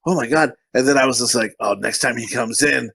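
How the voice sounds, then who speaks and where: A man's voice: medium pitch, steady tone, a little fast, vocal fry, sharp tone, husky, dry recording, low-quality recording. A man co-hosting a podcast, telling rambling, profane stories in casual chat and laughing often. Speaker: podcast co-host.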